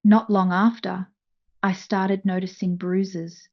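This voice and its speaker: Slow soft-spoken woman storyteller. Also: mid-range voice, level tone, lo-fi sound. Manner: soft, measured, emotional. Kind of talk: scripted first-person story narration.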